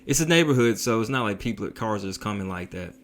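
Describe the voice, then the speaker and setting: A man telling a story in a casual vlog, in a slangy, profane, animated way. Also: lowish voice, fast, slight background noise.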